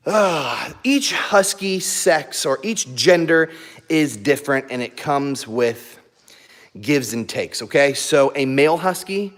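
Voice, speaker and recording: A man's voice: mid-range voice, fairly bright tone. A man hosting a live stream, chatting casually with viewers and laughing often while he plays with and talks to his dogs. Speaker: YouTube live stream host.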